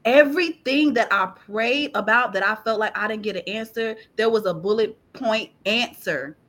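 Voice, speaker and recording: A woman guest on a podcast, joining by video call, sharing an emotional faith testimony in animated, colloquial speech, laughing through tears. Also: fairly high pitch, moderate pace.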